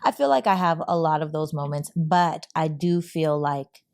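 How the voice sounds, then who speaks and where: A woman in her thirties hosting a podcast, telling stories in an animated, dramatic way. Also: sits low, moderate pace. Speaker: podcast host. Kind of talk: casual chat.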